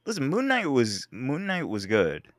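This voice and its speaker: A man's voice: mid-range voice, wildly swooping pitch, a little slow, dry recording, clean studio sound. A man chatting casually about a show, joking and grumbling playfully. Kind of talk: casual chat.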